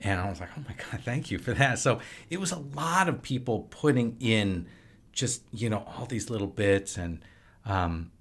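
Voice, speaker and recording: A man from Wisconsin, a filmmaker and actor, chatting as a podcast guest in a relaxed, rambling storytelling way. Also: on the low side, normal speed. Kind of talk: casual conversation.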